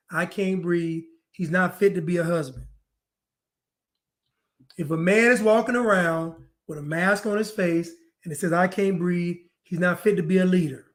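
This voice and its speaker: A man's voice: high-pitched, moderate pace. A man giving a preachy, mocking monologue, repeating phrases for emphasis and acting out other people's lines. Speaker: commentator. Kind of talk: monologue commentary.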